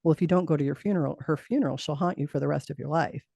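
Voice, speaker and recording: A woman's voice: deep voice, rapid-fire, gravelly, warm tone, breathy edge, no room sound, clean studio sound. A middle-aged woman, a guest in an interview, telling a personal story earnestly, laughing now and then and restarting her sentences.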